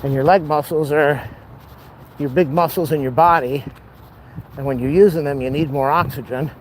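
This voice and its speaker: A man's voice: on the high side, steady tone, normal speed, low-quality recording. Winded man ranting on a walk. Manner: ranting, opinionated, talks while walking. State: out of breath from walking uphill. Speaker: vlogger. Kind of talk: rambling walking vlog. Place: outdoors on city streets. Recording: faint street noise outdoors.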